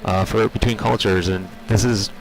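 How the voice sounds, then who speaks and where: A man speaking for an industry group, explaining technology trends in a measured way with many filler words. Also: lowish voice, steady tone, creaky, faint music behind, low-quality recording. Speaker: industry spokesperson. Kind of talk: on-site interview.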